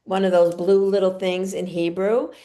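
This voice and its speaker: Woman interviewer, medium pitch, chatty and encouraging, casual. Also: little pitch movement, moderate pace, warm tone. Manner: chatty, encouraging, short affirmations. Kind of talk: casual book discussion.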